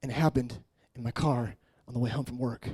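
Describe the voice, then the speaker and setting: A man in his late twenties preaching an emotional personal testimony, shifting between hushed murmurs and raised, intense passages. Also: steady tone, brisk, slightly rough. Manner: earnest, swinging from hushed murmurs to raised, high-pitched intensity.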